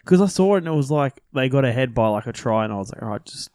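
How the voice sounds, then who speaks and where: A man's voice: medium pitch, expressive, fast, a little mellow, smooth, no echo. A man talks through the weekend's games in loose, sweary banter, stacking fillers and restarts. His voice sits in a middle register and the recording is dry and close, with no room sound. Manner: rambling, swears often, lots of fillers. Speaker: podcast co-host. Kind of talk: casual sports banter.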